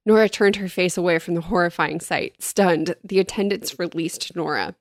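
A woman's voice: lowish voice, moderate pace, no echo, studio quality. A woman in casual podcast chat, reading horror passages aloud dramatically and laughing often. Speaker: podcast co-host recapping a book.

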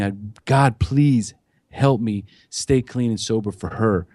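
Cast: man, podcast guest, lowish voice, earnest confessional storytelling, dry close mic. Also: slow pace, a little mellow, no echo. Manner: emotional, earnest storytelling with profanity. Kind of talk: candid recovery story.

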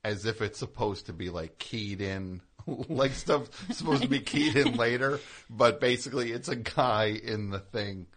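A man's voice: mid-range voice, moderate pace, fairly bright tone. A man hosting a radio show, chatting casually in a jokey, rambling way. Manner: rambling, jokey, breaks into laughter and silly voices. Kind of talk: casual comedic radio chat. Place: radio studio.

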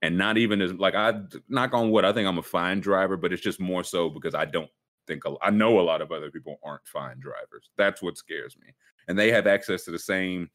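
A man co-hosting a casual comedic chat, animated and quick to slip into high-pitched impressions. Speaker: podcast co-host.

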